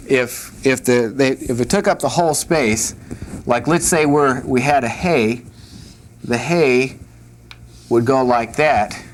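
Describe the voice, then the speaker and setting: Slow, patient male language teacher. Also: mid-range voice. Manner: patient, repeats each letter slowly for practice; plain-spoken, with light jokes. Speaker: Hebrew teacher. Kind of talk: classroom lesson at a whiteboard.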